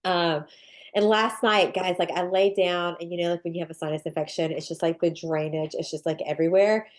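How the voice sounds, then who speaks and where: A woman's voice: lowish voice, steady tone, fairly quick. A woman with a nasal, stuffed-up voice from a sinus infection, hosting a live online cookie-decorating workshop in an upbeat, rambling, chatty way. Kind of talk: casual live webinar talk.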